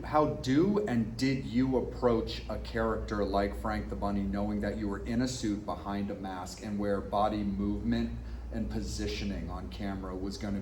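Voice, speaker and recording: A man hosts an interview, his voice sitting on the low side. He asks long, winding questions that build as he goes. He sounds distant from the mic, in an echoey room with faint ambience. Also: darkish tone, a little hiss or hum. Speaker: interviewer, host. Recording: roomy echo, distant mic.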